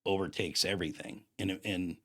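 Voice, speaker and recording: Guest spot, low-voiced man in his 50s, slangy and emphatic storyteller. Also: fairly even intonation, normal speed, sharp tone. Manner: slangy and emphatic, acts out quoted dialogue. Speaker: guest telling a personal story. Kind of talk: casual storytelling conversation.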